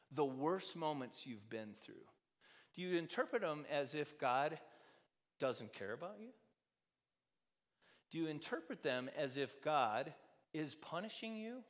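A man preaching a sermon in a conversational way, asking the congregation many rhetorical questions and swinging between loud and soft. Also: on the high side. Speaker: pastor. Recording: long hall reverb.

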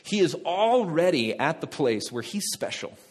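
A male pastor preaching a sermon, lively, talking directly to the congregation. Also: a little high, normal speed, husky. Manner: lively, talks to the congregation, laughs at own jokes. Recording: long reverb of a hall.

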